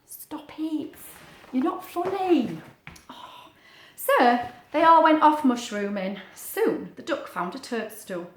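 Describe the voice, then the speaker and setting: A woman's voice: sits high, animated, slow pace. A woman reading a picture book aloud to children, chatting playfully with a puppet between pages. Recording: roomy echo.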